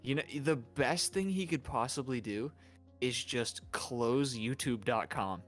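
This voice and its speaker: A man's voice: mid-range voice, measured pace. A man hosting a livestream, talking casually and swearing freely, with lo-fi music faintly behind him. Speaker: livestream host.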